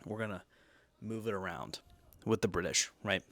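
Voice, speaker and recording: A man's voice: low-pitched, moderate pace, fairly bright tone, slight background noise. A man hosting a casual talk, chatty and jokey, full of asides and tag questions. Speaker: host reviewing energy drinks and decks. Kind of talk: casual chat.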